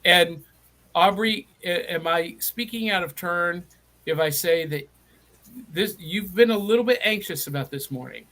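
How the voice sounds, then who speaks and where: A middle-aged man from Middle Tennessee hosts a live online show, chatty and enthusiastic and often restarting his sentences. His voice is high and sharp, and he speaks a little slowly.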